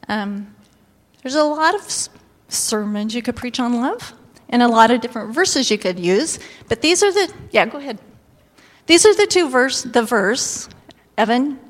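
Woman preacher, lively storytelling, somewhat high voice, reverberant church hall. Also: moderate pace. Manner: animated storytelling, exclaiming and laughing. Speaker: pastor's wife or preacher. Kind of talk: sermon with personal story.

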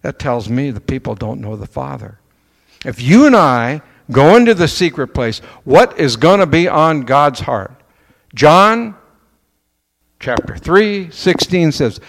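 Gravelly guy preaching in a church, chatty sermon w/ lots of questions, big reverby hall. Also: mid-range voice, big pitch swings, a little slow. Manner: conversational preaching with rhetorical questions and mock voices. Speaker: pastor. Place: church sanctuary.

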